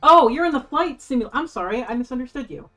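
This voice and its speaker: A woman game master running a tabletop game on stream, excitable and casual, cursing freely. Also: high voice, quick pace, soft background music.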